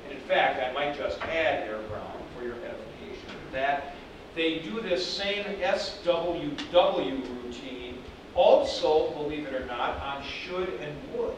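A man's voice: fairly high pitch, unhurried. A man teaching a class, talking in a conversational, digressive way and repeating points for emphasis. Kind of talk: classroom lecture. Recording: echoey classroom, speaker far from mic, background noise.

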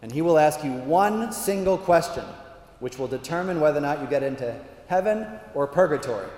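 A man doing a brisk fatherly gatekeeper saint, casual and matter-of-fact, slightly high voice, echoey hall. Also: expressive, a little mellow, lightly acted.

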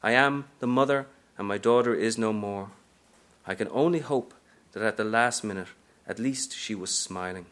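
A man's voice: on the low side, normal speed, fairly bright tone, natural voice. A man reading aloud from a novel, narrating as a brash, streetwise aging woman hustler in a sassy first-person style. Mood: bleak.

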